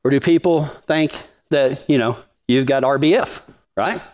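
A man preaching a sermon to his congregation in a folksy, joking manner, swinging from low and quiet to high and emphatic. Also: normal speed. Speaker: preacher of a cowboy ministry.

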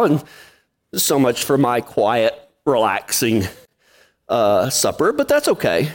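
Man, pastor, folksy storytelling sermon, animated pitch. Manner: folksy, drawling anecdotes with acted-out dialogue.

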